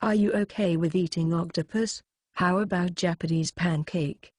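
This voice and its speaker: A woman's voice: on the low side, fairly even intonation, normal speed, a little mellow, no room sound, studio quality, natural voice. A woman reading a flustered young schoolteacher. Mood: fussing. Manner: fretful, protective.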